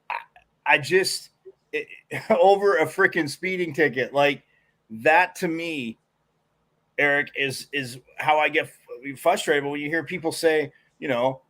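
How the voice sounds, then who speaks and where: A man co-hosting a live sports talk show, telling stories in a rambling, animated way with many restarts. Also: a little high. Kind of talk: casual sports talk commentary.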